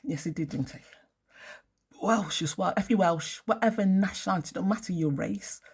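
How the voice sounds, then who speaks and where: A woman's voice: medium pitch, moderate pace, slightly rough. A woman ranting in a casual monologue, blunt and swearing heavily. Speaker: vlogger.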